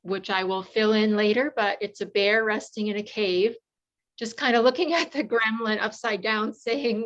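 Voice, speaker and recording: A woman's voice: medium pitch, fairly even intonation, normal speed, fairly bright tone, muffled recording. A woman participant sharing hesitantly in a group workshop, with light laughter.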